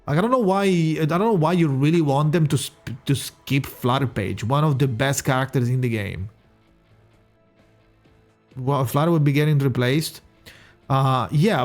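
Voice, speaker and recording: A man's voice: a little high, darkish tone. A male streamer chatting casually to viewers, exasperated, swearing and restarting his sentences. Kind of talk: casual live-stream chat.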